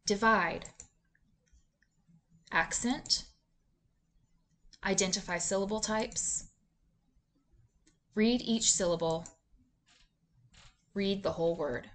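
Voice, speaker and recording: A woman giving scripted instructional narration for a reading lesson, in a clear, measured, deliberate teaching delivery. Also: mid-range voice, a bit bright. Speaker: literacy instructor.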